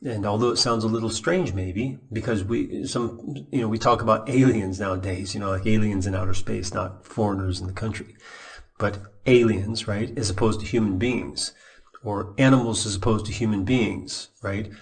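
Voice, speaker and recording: A man's voice: on the low side, normal speed, gravelly. A man giving a recorded Bible lesson at his computer, talking casually and thinking aloud with restarts and asides. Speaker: Bible teacher. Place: at a computer, showing a website on screen.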